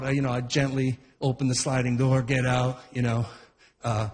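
A man's voice: medium pitch, level tone, normal speed, in a large hall. A middle-aged man doing a stand-up set, rambling through stories and cutting himself off mid-sentence. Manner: rambling, self-interrupting storyteller. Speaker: stand-up comedian.

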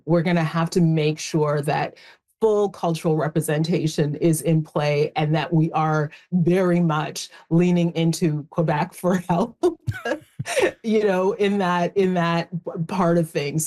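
A woman's voice: on the low side, a little slow, a little mellow. Casual Canadian woman panelist. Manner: casual, many fillers. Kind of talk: panel discussion.

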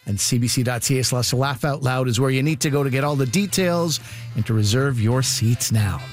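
A man's voice: medium pitch, a little fast, faint music behind. A man hosting a radio comedy show, reading promos and credits in an upbeat way. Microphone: close studio microphone.

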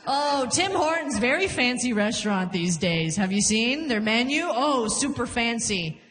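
A woman in her thirties doing a stand-up comedy set, animated and punchy, laughing through her lines. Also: a little high, normal speed, noisy background. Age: 30s. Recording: long hall reverb.

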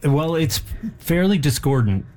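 A man talking as a guest on a radio show, hesitant and full of ums, pausing and restarting as he describes films. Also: on the high side, lively intonation, a little mellow. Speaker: film society guest. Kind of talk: casual radio interview. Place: radio studio. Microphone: studio microphone.

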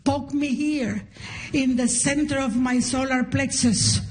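Nicaraguan lady comic on stage, high voice, spanish accent, animated punchlines. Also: a little slow, breathy edge. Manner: animated, playful, chants and shouts punchlines. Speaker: stand-up comedian. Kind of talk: stand-up comedy set. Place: comedy stage before a live audience.

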